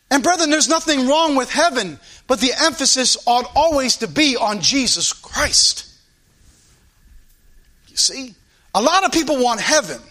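A man's voice: very high-pitched, bright, forceful tone. A man preaching a sermon to his congregation, fervent and repetitive, stretching out key phrases for emphasis. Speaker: pastor.

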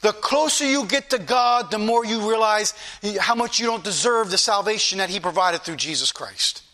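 High, bright-voiced fervent male preacher. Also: lively intonation, normal speed. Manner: fervent, repeats phrases for emphasis. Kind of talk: sermon.

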